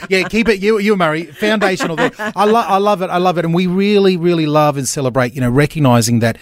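A man's voice: high voice, fast, no room sound. A male radio breakfast host, chatting casually and enthusiastically, with many fillers.

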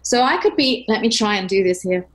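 A woman's voice: brisk, poor audio. A middle-aged woman, a voice coach and opera singer, talking in an interview and demonstrating how to colour the voice. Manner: animated, demonstrates vocal colour by shifting pitch. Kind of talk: conversational interview.

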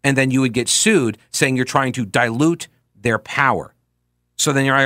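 A man's voice: medium pitch, moderate pace, sharp tone, no room sound, studio quality. A man hosting a political talk show, speaking casually and sarcastically while reading listener tweets aloud with frequent asides.

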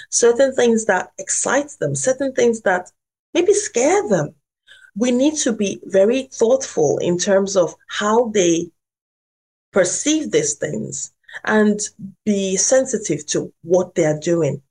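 Her medium-pitched voice has a darkish tone and a breathy edge as this family doctor and parenting coach reflects on a personal story for a podcast, pausing along the way.

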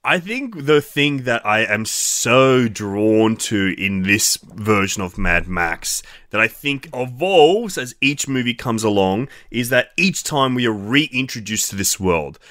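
A man's voice: medium pitch, expressive, slow, hardly any pauses, a bit bright, no room sound, studio quality. An Australian man co-hosting a podcast, chatting about a film with enthusiasm, swearing casually and cracking bawdy jokes. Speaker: podcast co-host.

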